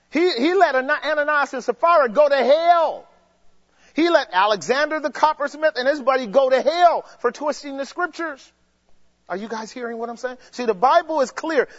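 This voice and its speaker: A man preaching a sermon in an emphatic, repetitive way that builds to shouts. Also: very high voice. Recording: dull lo-fi sound.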